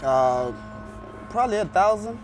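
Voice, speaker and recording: A man's voice: high voice, big pitch swings, unhurried. A man speaking as a guest on a podcast, joking around and stumbling over repeated restarts. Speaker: guest, music group member. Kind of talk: casual podcast chat. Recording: noisy recording.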